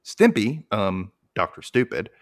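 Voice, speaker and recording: A man casually recapping a cartoon on a podcast, animated, laughing often and acting out quotes. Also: on the low side, unhurried, dry recording, clean studio sound. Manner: animated retelling, frequent laughter, acts out quotes.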